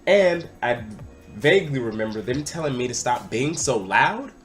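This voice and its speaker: A young man vlogging, telling a party story in a casual, excitable way and sometimes shouting out what people said. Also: mid-range voice, normal speed, soft background music. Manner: animated, excitable, breaks into loud acted-out quotes.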